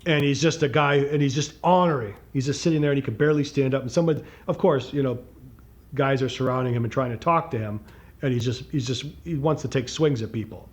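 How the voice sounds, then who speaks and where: A man's voice: mid-range voice, quick pace. A man co-hosting a podcast, talking in a chatty, conversational way. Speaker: podcast co-host. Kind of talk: casual chat.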